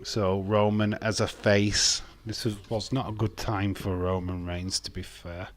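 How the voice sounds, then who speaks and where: Man, casual stream commentary, joking and reading chat, lowish voice. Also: little pitch movement, measured pace. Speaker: wrestling watch-along streamer.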